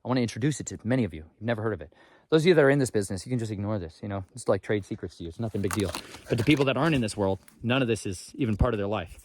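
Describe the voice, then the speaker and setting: A man vlogging on a walk through a forest, folksy and excitable, talking straight to his viewers. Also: on the low side, rapid-fire, dry recording. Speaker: homesteader vlogger. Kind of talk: walk-and-talk forest vlog. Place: outdoors in a forest.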